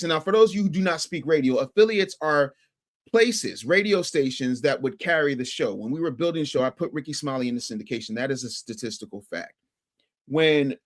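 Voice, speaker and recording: A man hosting a casual livestream talk, animated and emphatic, who repeats words and stutters at times. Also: fairly high pitch. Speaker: host.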